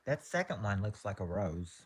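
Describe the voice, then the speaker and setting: A man's voice: lowish voice, big pitch swings, normal speed, background noise. A young man, casually chatting on his livestream and often repeating himself as he talks. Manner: easygoing, repeats and restarts phrases. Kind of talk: casual chat.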